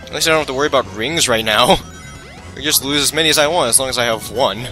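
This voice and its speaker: Bright-voiced excitable male gameplay commentator. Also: mid-range voice, fast talker, soft background music, low-quality recording. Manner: talks to himself, self-mocking and excitable. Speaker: let's play commentator.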